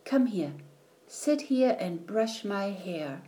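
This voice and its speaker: A woman voicing a sick, loving old grandmother who speaks in a soft, sleepy way in a storybook. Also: mid-range voice, animated, slow. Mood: sleepy tender.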